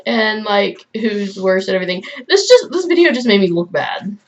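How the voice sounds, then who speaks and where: A woman's voice: medium pitch, lively intonation, normal speed. A woman hosting a casual couple chat, laughing often between her lines. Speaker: channel host.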